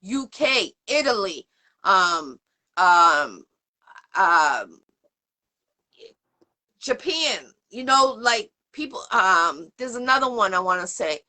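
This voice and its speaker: Upbeat woman hosting, bright voice. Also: mid-range voice, lively intonation, slow, pauses often. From Boston area, USA. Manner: rambling, upbeat, full of shout-outs and fillers. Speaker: interview show host. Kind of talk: casual interview chat.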